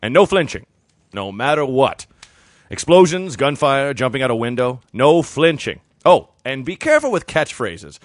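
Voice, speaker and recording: A man's voice: mid-range voice, sing-song, normal speed, no echo, lightly acted. A man playing a weary old superhero dad. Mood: coaxing. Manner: matter-of-fact, coaxing. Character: weary middle-aged masked hero father. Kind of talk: comedy sketch acting.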